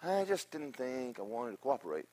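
A pastor preaching a sermon, telling stories with humorous asides and swinging from loud exhortation to quiet remarks. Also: male voice, medium pitch, moderate pace, slightly rough. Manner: animated storytelling with humorous asides.

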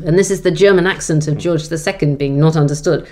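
A middle-aged woman with a notably low voice, telling history as a guest in an interview. She is wry and lively, and she acts out the quoted lines as she tells them. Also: fairly quick, few pauses. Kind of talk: animated storytelling interview.

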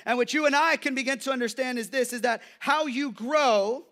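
A young adult male pastor preaching an energetic sermon, joking and calling out to the congregation. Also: extremely high pitch, fairly quick. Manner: energetic, playful preaching with audience call-outs.

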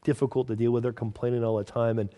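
A man preaching a sermon in a conversational, storytelling way, acting out the characters with lively quotes. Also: medium pitch, quick pace.

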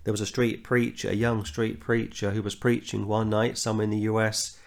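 A man's voice: lowish voice, little pitch movement, fairly quick, creaky. A middle-aged Englishman, teaching a verse-by-verse Bible study and telling anecdotes, earnestly reading scripture with rising emphasis. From England.

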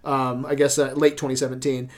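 A podcast host with a medium-pitched voice talks fairly quickly in a casual chat. He retells a show scene by scene, swearing a lot and laughing as he tells the story with energy.

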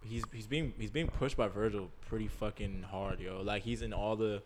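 A man's voice: on the low side, fairly even intonation, normal speed, a little hiss or hum. A man co-hosting a casual music chat, offhand and laid-back, swearing now and then. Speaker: podcast co-host.

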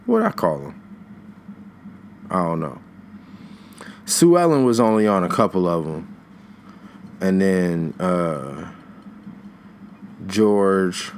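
A man's voice: sits low, animated, slow pace, long pauses, slight background noise. A young man chatting casually in a rambling, slangy way, trailing off and restarting his thoughts. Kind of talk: casual chat.

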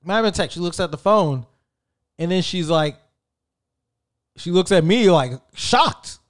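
A man in his thirties casually telling a story in an animated, slangy way, with frequent swearing. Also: high voice, moderate pace. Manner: animated, profane, slangy and conversational.

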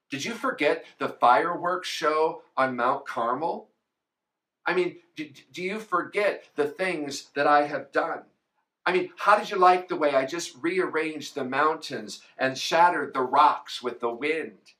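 Male pastor, fairly high, bright voice, slow measured sermon delivery with dramatic retellings. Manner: dramatic retelling, voicing biblical figures. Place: church.

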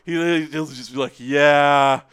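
A man co-hosting a podcast in casual chat. He rants animatedly and rises to shouts when annoyed. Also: on the high side, lively intonation, moderate pace. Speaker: podcast co-host.

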